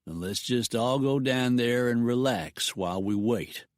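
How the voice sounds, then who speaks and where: A man's voice: mid-range voice, measured pace, dry recording, clean studio sound, close to an everyday voice. Man playing a menacing drawling outlaw. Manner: threatening, drawling. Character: menacing male outlaw, gang leader.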